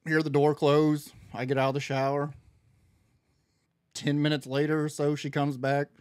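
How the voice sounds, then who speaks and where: A man's voice: a little high, normal speed, smooth, no echo. A man in casual conversation as a podcast guest, telling a story animatedly and acting out the voices in it. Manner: animated storyteller, acts out quoted dialogue.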